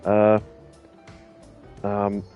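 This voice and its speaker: A man's voice: lowish voice, completely flat delivery, drawn-out words, phone-quality sound, soft background music. A man chatting casually over gameplay, rambling through stories with many restarts and laughs. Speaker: let's play host.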